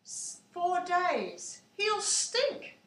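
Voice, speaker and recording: Martha, a worried grown woman, pleads in a high, bright voice, as a woman reads her lines in a storybook telling. She talks slowly. The sound comes from a distance in an echoey room. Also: big pitch swings, exaggerated voice. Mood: pleading. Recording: echoey room, mic far off.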